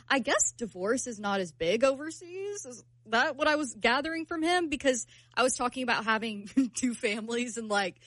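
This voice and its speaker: A young woman on a radio show, acting out both sides of a dating story in lively casual chat. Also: fairly high pitch, no echo. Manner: animated storytelling, acts out both sides of the date. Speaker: guest telling a dating story.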